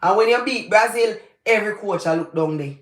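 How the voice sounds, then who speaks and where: A woman's voice: mid-range voice, fairly quick, echoey room. A Jamaican woman hosting her channel, giving passionate, emphatic live commentary and slipping into patois. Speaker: channel host.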